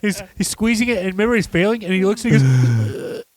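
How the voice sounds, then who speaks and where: A man co-hosting a podcast, chatting casually about a movie, animated and swearing, acting out quotes. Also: sits high, brisk. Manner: animated, acts out quotes in shrieking voices, swears. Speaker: podcast co-host. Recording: dry close-miked home studio.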